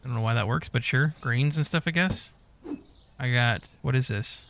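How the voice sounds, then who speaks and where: A man's voice: medium pitch, moderate pace, creaky, fairly bright tone, slight background noise. A man giving casual gameplay commentary, muttering to himself as he goes and swearing often. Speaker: gaming YouTuber.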